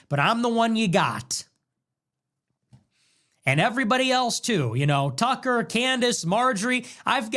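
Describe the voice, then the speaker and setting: A male livestream host in full rant, voice pitched high and swinging widely as he hammers his points with repeated phrases. His voice sounds strained and worn from hours of talking live. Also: sharp tone. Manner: ranting, emphatic repetition. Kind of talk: heated livestream monologue.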